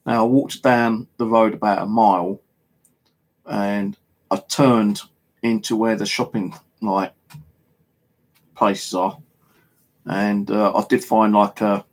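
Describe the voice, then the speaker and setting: A man's voice: on the low side, steady tone, slow pace, long pauses. A man with an English accent telling a rambling, casual story, heavy on fillers and swearing. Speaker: paranormal vlogger. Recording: home video monologue.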